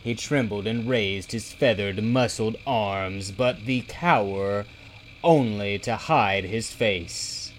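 A man narrating a children's fantasy audiobook in a measured, steady storytelling manner. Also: fairly low pitch, a little hiss or hum, poor audio. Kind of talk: scripted narration.

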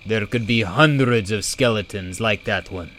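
A man's voice: lowish voice, moderate pace, a bit bright, a little hiss or hum, lightly acted. A man voicing a proud, formal male owlbear in a storybook, with old-fashioned, stately speech. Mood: cautious.

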